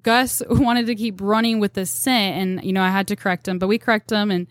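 A young woman, a deer tracker on a podcast, telling animated stories and acting out quotes with laughs. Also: mid-range voice, a little fast, dry recording, clean studio sound. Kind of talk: casual storytelling chat.

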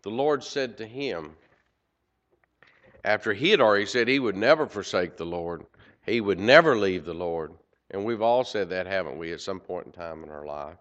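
A man preaching a sermon, swinging from loud emphasis to quiet asides. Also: deep voice, animated, moderate pace. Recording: dull lo-fi recording.

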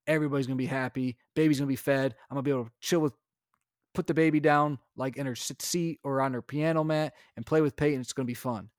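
A young adult man, a podcast co-host and father, telling a story in casual chat and acting out his own lines with animated energy. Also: medium pitch, dry recording, studio quality.

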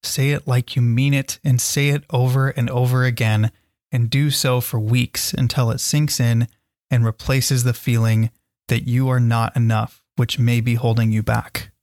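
A man's voice: mid-range voice, flat delivery, a little slow, darkish tone, no echo, clean studio sound. A man hosting a solo self-help podcast, talking earnestly and encouragingly to his listeners. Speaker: podcast host.

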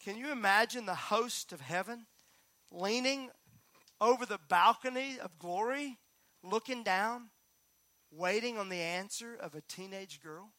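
A middle-aged man preaching a sermon, moving from calm talk to loud, repeated emphatic lines. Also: sits high, unhurried, dry recording. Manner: builds from calm to near-shouting emphasis, repeats key phrases. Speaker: pastor.

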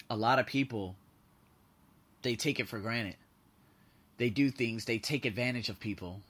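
A man in his thirties hosting a solo podcast, telling personal stories in a loose, animated way and acting out what people said. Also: lowish voice, breathy edge. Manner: animated storytelling, acting out quotes loudly. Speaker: podcast host. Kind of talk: casual solo podcast monologue.

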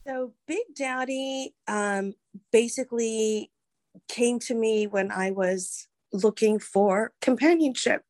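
A woman's voice: a little high, fairly even intonation, slow pace, a little mellow, no echo. A woman guest, chatting casually and emotionally about her story. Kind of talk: casual interview chat.

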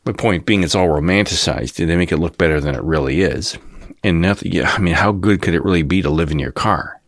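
Channel host, man in his fifties, very low voice, dry close sound, cynical rambling monologue. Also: fairly quick, dry recording. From Cleveland, Ohio area. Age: 50s. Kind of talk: casual monologue rant.

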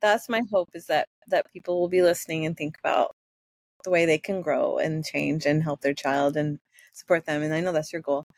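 A woman's voice: deep voice, steady tone, normal speed, dry recording. Brief: older woman, podcast host, emotional and open, dry close-mic sound. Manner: warm, emotional, laughs while talking. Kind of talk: casual podcast chat.

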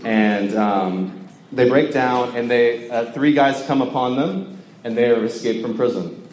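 Young male preacher from Georgia, loose and chatty, mid-pitched voice, reverberant hall with low background hum. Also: measured pace, a little mellow. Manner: conversational, joking, lots of filler words. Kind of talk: casual sermon to a campus crowd. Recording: echoey hall with faint ambience.

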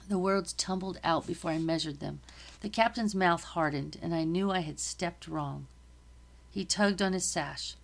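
A woman reads a novel aloud at a steady, measured pace. Her voice is low and carries a gravelly fry. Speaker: reader.

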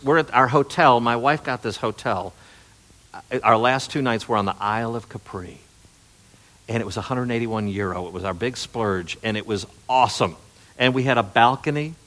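A middle-aged man preaching a sermon as pastor, telling stories in a folksy way that rises with excitement and then drops to soft, earnest appeals. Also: mid-range voice.

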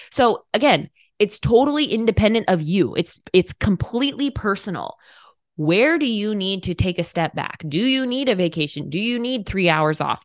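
Candid woman podcaster, 30s, lowish voice, dry close sound, chatty and encouraging. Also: no room sound. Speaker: podcast host. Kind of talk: casual motivational monologue.

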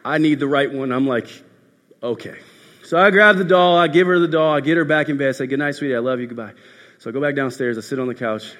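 A man preaching a sermon as a pastor, telling a story and swinging from loud passages to hushed ones. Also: mid-range voice. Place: church hall. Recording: echoey hall.

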